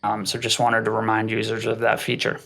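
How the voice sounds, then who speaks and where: A man's voice: on the low side, completely flat delivery, a little fast, gravelly, a bit bright. A man hosting a casual online community voice chat, patiently explaining features in a chatty way. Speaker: community host.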